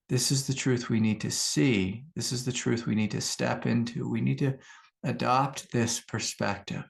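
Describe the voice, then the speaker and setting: A middle-aged man giving a calm, unhurried spiritual teaching talk as a meditation teacher, repeating his key phrases. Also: mid-range voice, vocal fry.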